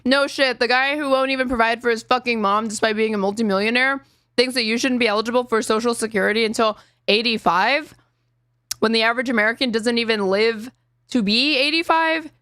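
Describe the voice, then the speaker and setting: A woman's voice: a little high, steady tone, fairly quick, a bit bright, no room sound, studio quality. Sarcastic, profane woman streamer. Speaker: streamer reacting to a podcast clip. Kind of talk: live-stream commentary.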